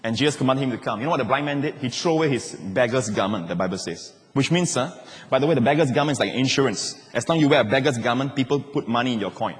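A male pastor, preaching a lively sermon with jokes and sudden shouted quotes. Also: medium pitch, quick pace, big-room sound.

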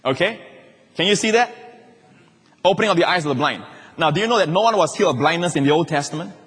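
A male pastor, preaching a lively sermon with jokes and sudden shouted quotes. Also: a little high, fast, big-room sound.

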